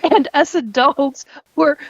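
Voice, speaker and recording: A woman's voice: high voice, slow, no echo, muffled recording. A middle-aged woman co-hosting a casual chat, telling stories and laughing often. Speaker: co-host.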